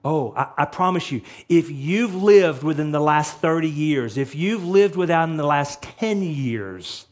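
A man preaching a sermon as a pastor, emphatic, swinging between loud passages and quiet ones. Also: a little high.

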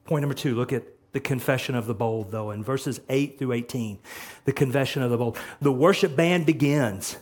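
A man preaching a sermon as a pastor, emphatic, swinging between loud passages and quiet ones. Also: medium pitch, moderate pace, husky.

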